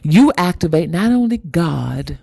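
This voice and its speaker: A woman's voice: fairly low pitch, lively intonation, a little slow, vocal fry, dark tone, husky, no echo, clean studio sound. A woman hosting a spiritual vlog who talks to her viewers in an intimate, conversational way and calls them y'all. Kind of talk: spiritual motivational talk.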